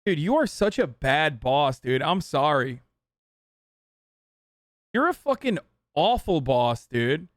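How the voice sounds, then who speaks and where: A man's voice: on the high side, very animated, slow, pauses often, no echo, clean studio sound. A man in his thirties streaming live, reacting with blunt, mocking, profane commentary.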